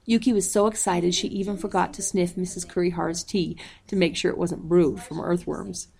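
Gravelly, low-voiced woman reading a story. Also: fairly even intonation, darkish tone. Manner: measured, reads page numbers aloud. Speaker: audiobook reader. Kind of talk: storybook read-aloud.

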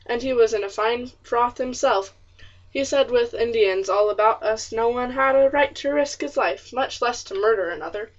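A woman's voice: a little high, normal speed, highs cut off, natural voice. Woman voicing a blunt, smug young colonial man. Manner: blunt, matter-of-fact, old-fashioned speech.

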